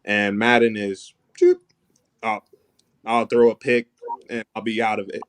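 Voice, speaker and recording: A man guesting on a gaming talk show, soft-spoken and leaning on "like" as filler. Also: lowish voice, level tone, normal speed, clear, resonant tone, no echo. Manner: soft-spoken, filler-heavy, says "like" a lot. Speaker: guest, league player. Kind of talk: casual chat.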